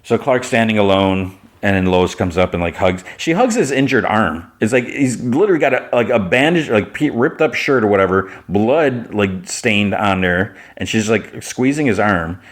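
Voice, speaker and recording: A man's voice: lowish voice, animated, moderate pace, hardly any pauses. A man hosting a podcast, casually retelling an episode with plenty of filler words. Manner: rambling, filler-heavy retelling. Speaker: podcast host.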